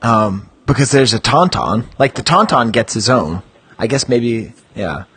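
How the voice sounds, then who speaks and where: A man's voice: medium pitch, animated, a little slow, fairly bright tone, breathy edge. A man hosting a podcast, chatting and reading descriptions aloud with amused mock gravity. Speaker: podcast host.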